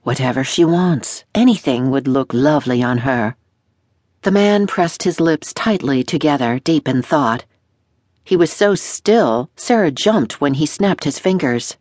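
A woman narrating a historical romance audiobook in an expressive, melodic storytelling manner. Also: sits low, measured pace, no room sound, clean studio sound. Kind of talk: scripted narration.

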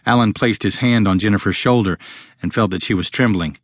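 Deep-voiced male audiobook narrator. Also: no room sound, clean studio sound. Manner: steady, measured reading. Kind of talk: scripted narration.

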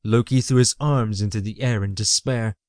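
A man reading a fantasy novel aloud as the audiobook narrator, in a measured storytelling way. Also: lowish voice, fairly even intonation, darkish tone, no echo. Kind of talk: scripted narration. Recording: dry close mic.

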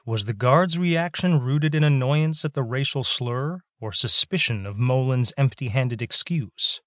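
A man narrating a science fiction audiobook in a steady, measured way. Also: medium pitch, no room sound, studio quality. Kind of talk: scripted sci-fi narration.

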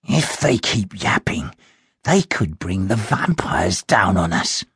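A man's voice: low-pitched, sing-song, takes it slowly, a bit bright, slightly rough, dry recording, studio quality, pitched below the performer's own voice, exaggerated voice. A man growling as a snarling, murderous Vampanese. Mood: menacing. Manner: snarling, menacing murmur.

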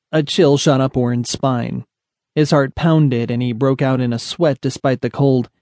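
A man reads an adventure audiobook in a steady, measured storytelling manner. His voice sits in an ordinary middle register, and the recording is dry and close to the mic. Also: medium pitch, dry recording. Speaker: audiobook narrator. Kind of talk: scripted audiobook narration.

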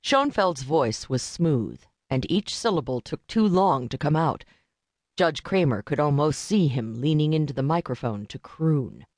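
A woman's voice: sits low, no echo. Woman reading an audiobook, dry and close. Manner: measured, steady reading. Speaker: audiobook narrator. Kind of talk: scripted narration.

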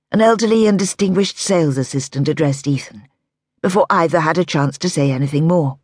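A woman reading a novel aloud on a close studio mic, her voice slightly low-pitched and a touch husky. She tells the story in a measured, expressive way, and the booth sounds dry and close. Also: no room sound. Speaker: audiobook narrator. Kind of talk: scripted audiobook narration.

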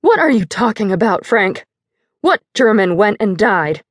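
A woman's voice: mid-range voice, sing-song, measured pace, no room sound, clean studio sound. Woman doing a frantic, demanding farm mother. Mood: alarmed.

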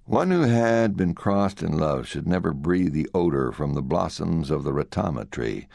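An audiobook narrator with a deep, gravelly, darkish voice reads scripted narration at a normal speed with lively intonation. The recording is clean studio sound with no room echo.

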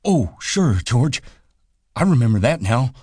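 A man voicing a big, slow, childlike man who talks timidly and pleads in simple words, in an audiobook. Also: medium pitch, big pitch swings, a little mellow, breathy edge, dry recording, studio quality, pitched above the performer's own voice. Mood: pleading. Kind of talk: audiobook character voice.

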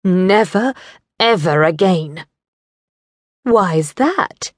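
A woman voicing a dramatic, self-centred mother who speaks high and emphatically. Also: sing-song, takes it slowly, darkish tone, no room sound, clean studio sound. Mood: theatrical.

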